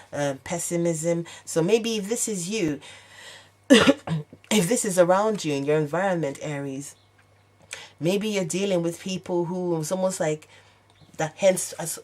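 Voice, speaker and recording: Woman, low voice, tarot reader, unscripted, hesitant, searching for words, frequent fillers. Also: a little mellow.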